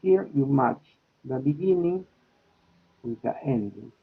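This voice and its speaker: A man teaching an online English class, slowly checking in with his students. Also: medium pitch, animated, gravelly, a little hiss or hum. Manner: slow, repeats with "okay?" and "no?" checks. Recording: tinny phone-like line.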